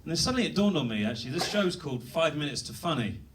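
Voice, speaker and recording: A man's voice: fairly high pitch, big pitch swings, rapid-fire, far from the mic, noisy background. A British man doing a self-deprecating stand-up set on a comedy club stage, rambling with fillers and restarts. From Britain.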